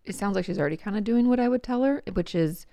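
A woman therapist on a podcast, explaining calmly and reassuringly in casual chat. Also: mid-range voice, quick pace, dry recording. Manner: calm, explanatory, gently reassuring. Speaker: therapist guest.

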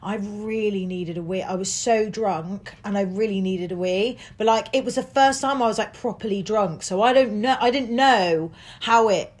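A woman's voice: mid-range voice, normal speed, hardly any pauses. Chatty young woman laughing along. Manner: chatty storytelling, laughs often, many "like" fillers. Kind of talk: casual chat.

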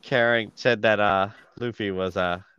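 A man co-hosting a casual podcast chat, opinionated and animated, with lots of fillers. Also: fairly low pitch, measured pace, clean tone, dull audio. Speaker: podcast co-host.

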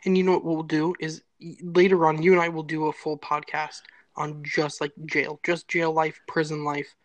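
Higher-voiced man on a dry mic. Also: little pitch movement, moderate pace, dry recording, poor audio. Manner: blunt, profane, explains terms to listeners. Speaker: podcast co-host. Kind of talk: casual conversational storytelling.

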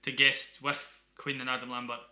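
A man's voice: mid-range voice, flat delivery, moderate pace, sharp tone, echoey room. A man co-hosting a podcast, chatting casually with playful teasing. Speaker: podcast co-host. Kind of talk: casual chat.

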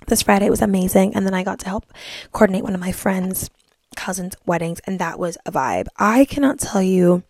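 In her vlog, a young woman chats away bubbly and casual, with "like" peppered all through. The voice is mid-range, gravelly and slightly mellow, in clean studio sound without room noise.

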